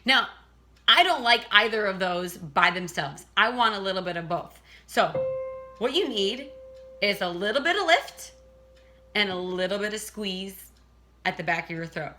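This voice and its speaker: A woman's voice: mid-range voice, expressive, normal speed, over music. A woman teaching a casual singing lesson, chatting and breaking off to demonstrate vocal sounds.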